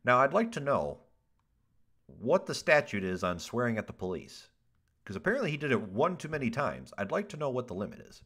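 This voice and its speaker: A man's voice: mid-range voice, fairly quick, husky. A man hosting a casual podcast, reading odd news stories aloud with jokes, swearing and laughter. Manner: animated, laughs often, swears, ad-libs jokes.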